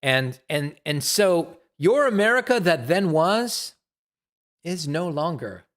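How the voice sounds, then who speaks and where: Blunt, ranting man with a lively high voice. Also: takes it slowly. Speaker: live streamer. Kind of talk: casual stream monologue.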